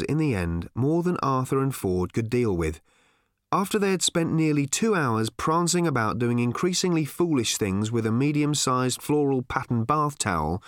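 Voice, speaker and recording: A man narrating a comic novel with wry timing, his pitch rising and falling a lot. He sits at a mid pitch, and the recording is close and dry with no room sound. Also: no echo. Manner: expressive, wry. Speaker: audiobook narrator. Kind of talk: scripted narration.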